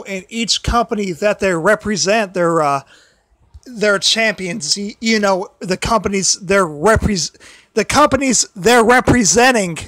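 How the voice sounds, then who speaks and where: A man hosting a casual solo wrestling livestream, his voice tired from a sore throat, talking haltingly with many restarts and repeated phrases. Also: high voice, a bit bright, no echo.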